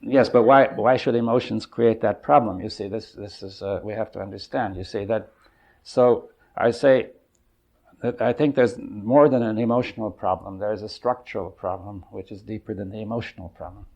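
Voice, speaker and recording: Older man, seminar leader, low gravelly voice, halting thoughtful delivery, keeps checking in with listeners. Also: darkish tone. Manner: thoughtful, halting, often checks in with "right?" and "you see". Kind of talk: exploratory seminar talk. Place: seminar room.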